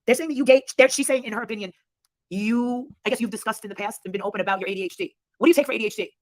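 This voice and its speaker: A woman's voice: fairly high pitch, rapid-fire, no echo. A woman hosting a casual livestream chat, blunt and swearing freely, often laughing. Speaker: livestream host.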